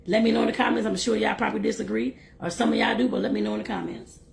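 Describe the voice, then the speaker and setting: Creaky-voiced woman reading aloud. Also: fairly high pitch, very fast. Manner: lively, laughs and talks to listeners directly. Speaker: host and reader. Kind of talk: bedtime book reading with chatty asides.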